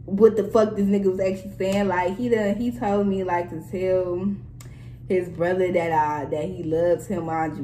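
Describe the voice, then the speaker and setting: A young woman vlogger retelling a story in a casual, animated and profane way. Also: mid-range voice, reverberant, slight background noise, low-quality recording. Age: young adult. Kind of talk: storytime vlog, casual chat.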